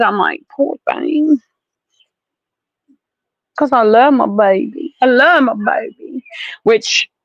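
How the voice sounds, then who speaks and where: A woman's voice: on the low side, dry recording, dull audio. A woman from Alabama with a Southern accent, chatting with viewers on a casual livestream, blunt and salty, calling people honey. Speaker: livestream host.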